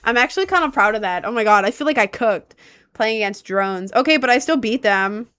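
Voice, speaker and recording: Young woman gaming streamer, American with faint Southern and New York color, somewhat high, smooth voice, excitable. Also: brisk. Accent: American with slight Southern and New York touches. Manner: excitable, shrieks and repeats exclamations. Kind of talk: casual live-stream chat.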